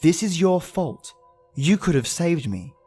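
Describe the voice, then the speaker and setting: A man voicing a cold, scornful young woman who accuses her lover in a dark storybook narration. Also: fairly low pitch, lively intonation, measured pace, breathy edge, faint music behind, voice pushed up. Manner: accusing, repetitive.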